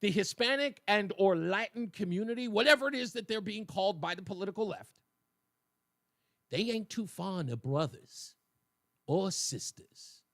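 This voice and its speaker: A man's voice: sits high, lively intonation, moderate pace, a bit bright, no echo. A man hosting a talk radio show, delivering a colloquial opinion monologue with mocking asides into a studio microphone.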